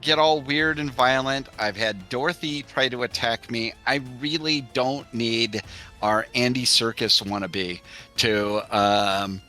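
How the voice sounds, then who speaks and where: A man chats and jokes as a player in a tabletop game. His voice is bright and forceful, with faint music underneath. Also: mid-range voice, measured pace. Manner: joking, chatty. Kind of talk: casual table talk.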